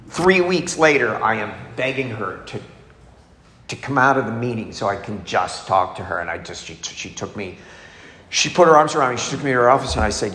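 A man's voice: medium pitch, lively intonation, a little fast, fairly bright tone. Candid man telling his story in an echoey hall. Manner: candid, emotional storytelling, acting out quoted voices. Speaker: speaker sharing a recovery story. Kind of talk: personal testimony to an audience. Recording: echoey hall, faint ambience.

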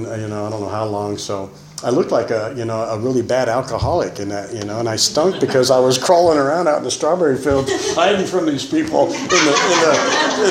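A man's voice: mid-range voice, roomy sound, slight background noise, rough recording. A man sharing his recovery testimony in a rambling, casual way, full of "man" and "you know". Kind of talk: personal testimony.

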